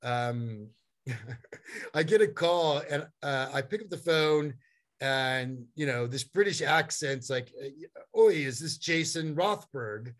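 A middle-aged man telling a long story as a guest, animated and rambling, with many fillers and restarts. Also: mid-range voice, takes it slowly. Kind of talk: storytelling in a conversation.

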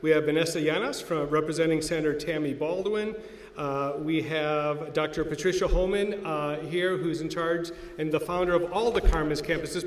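A man's voice: on the high side, moderate pace, fairly bright tone, a faint crowd. A man emceeing a community event, informally acknowledging guests in a chatty way. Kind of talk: casual announcements. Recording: echoey hall with faint noise.

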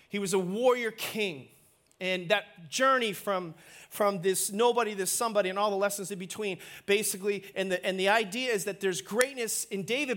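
A male pastor with a rather high-pitched voice preaches to his congregation. He keeps things light and jokey, teasing himself and coaxing the room to answer back. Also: fairly bright tone. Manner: playful, self-mocking, prompts the congregation. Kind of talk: sermon.

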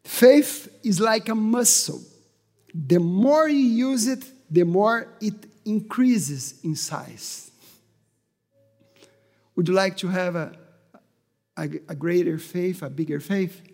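A male pastor with preaching a sermon with fervor, often raising his voice to a shout. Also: high-pitched, expressive, takes it slowly, pauses often. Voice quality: non-native English, slightly broken grammar. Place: church hall. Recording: long hall reverb.

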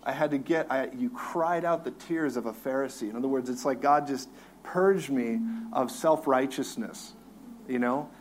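A man who is a minister, telling his own story on a talk show, lively and laughing, acting out his crying with big swings in voice. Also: medium pitch, moderate pace, slight background noise.

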